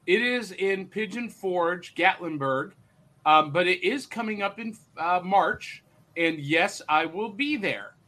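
A man's voice: high voice, animated, slow, bright, forceful tone. A man hosting a casual live group chat and reading out viewer comments. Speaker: podcast host.

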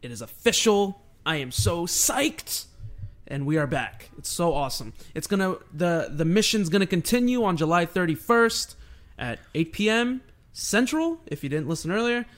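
A young man co-hosting a casual sports podcast, talking in excitable, playful bursts. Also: high-pitched, moderate pace. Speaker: podcast co-host.

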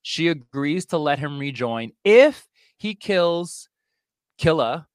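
A man's voice: on the high side, expressive, slow pace, clean tone, no echo, studio quality. A man casually retelling a film plot as a podcast host, with lots of fillers and sarcastic asides. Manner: chatty, sarcastic, filler-heavy storytelling. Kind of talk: casual chat.

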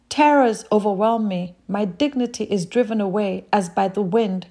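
A woman's voice: medium pitch, normal speed, warm tone. A woman preaching a sermon, reading scripture aloud and speaking directly to her listeners in an earnest way.

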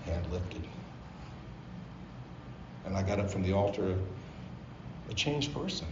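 A man's voice: sits low, expressive, slow pace, background noise. A man, a pastor, delivering a sermon as earnest personal storytelling in a church. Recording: roomy, slightly dull live sermon recording.

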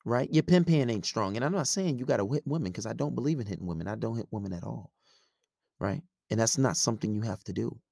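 A man's voice: fairly low pitch, expressive, fast talker, gravelly, darkish tone, no room sound, studio quality. A man hosting a podcast, giving relationship advice in a blunt, profane, rambling casual monologue.

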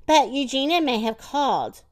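A woman voicing a timid, gentle older woman from a storybook, soft-hearted and fretful. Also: sits high, lively intonation, normal speed.

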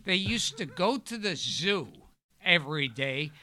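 An older man, a podcast guest, telling rambling stories in a halting way, with loud bursts of laughter. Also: sits high, lively intonation. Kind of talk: casual storytelling chat.

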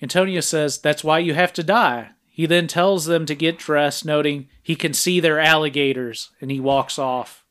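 A man co-hosts a podcast, summarizing a film's plot scene by scene in an easygoing way. His voice sits a little high for a man, and he keeps stopping for filler sounds as he goes. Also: steady tone, moderate pace, a bit bright. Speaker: podcast co-host. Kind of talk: casual film recap.

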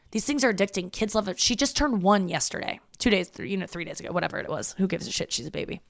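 A young woman hosting a podcast alone, talking in a chatty, rambling way and swearing freely. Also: fairly low pitch. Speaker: podcast host. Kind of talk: casual solo podcast monologue.

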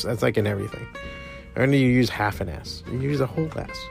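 Gravelly-voiced man rambling on a podcast. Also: medium pitch, a little fast, soft background music. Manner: rambling, profane, self-deprecating. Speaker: podcast host, comic shop owner. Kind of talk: casual solo podcast talk. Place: his home studio.

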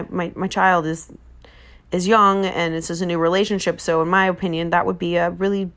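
A woman's voice: lowish voice, a bit bright. A woman, chatting on her podcast in a rambling way, full of fillers and self-corrections. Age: 40s. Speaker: podcast host. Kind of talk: casual chat.

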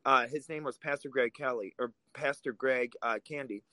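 A man's voice: medium pitch, moderate pace, sharp tone, dry recording, rough recording. A man co-hosts a political podcast in a heated, emphatic way, and he swears when riled. His voice sits mid-range and comes across close and dry, with no room sound around it. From Russia. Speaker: podcast co-host.

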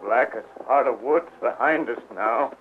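An actor playing a terse male sidekick who talks in clipped, broken English with low grunts, in an old radio drama. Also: a little slow, a little hiss or hum, lightly acted. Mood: steady. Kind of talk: 1930s radio drama acting. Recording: tinny old radio broadcast.

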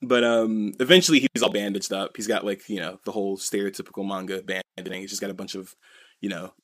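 A man's voice: lowish voice, steady tone, quick pace. A man co-hosting a podcast, recapping a comic in casual chat, rambling and full of "you know" and "like". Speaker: podcast co-host.

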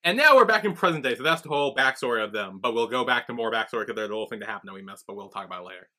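Bright-voiced man recapping a drama. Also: mid-range voice, animated, racing. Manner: chatty, acts out characters' lines while retelling. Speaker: podcast co-host. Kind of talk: casual recap chat.

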